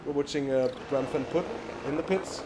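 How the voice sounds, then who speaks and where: A man doing live sim racing co-commentary, measured and hesitant, with many fillers. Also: fairly high pitch, very noisy.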